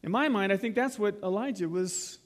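A man's voice: high-pitched, brisk, in a large hall. A man preaching a sermon in a conversational way, retelling a scene and asking the listeners rhetorical questions. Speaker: pastor.

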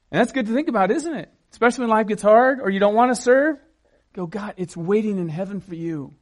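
A man preaching a sermon in an animated way, acting out the scenes and shouting the quoted cries. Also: high voice. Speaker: pastor.

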